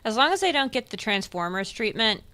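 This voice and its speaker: A woman co-hosting a podcast in casual chat, blunt and quick to tease. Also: a little high, very animated, pushed and bright. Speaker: podcast co-host.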